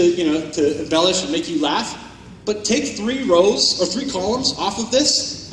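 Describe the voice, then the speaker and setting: A man with a fairly high voice gives a sarcastic, profane comedic keynote from a conference stage. His voice rings through a large hall with a long reverb tail. He sounds set back from the microphone, with faint room noise underneath. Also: fairly bright tone, far from the mic. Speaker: conference speaker. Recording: echoey hall, speaker off-mic.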